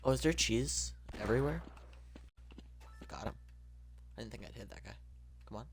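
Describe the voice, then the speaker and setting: A young man streams his gameplay, casually joking and exclaiming to himself as he plays. His mid-range voice has some vocal fry and moves at a normal speed, with a little hiss or hum in the recording.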